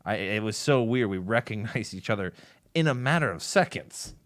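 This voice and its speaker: Lowish guy on a podcast, acts out quotes, dry mic. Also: normal speed, no room sound. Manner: animated storytelling, acting out quotes. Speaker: podcast co-host. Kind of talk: casual fan chat.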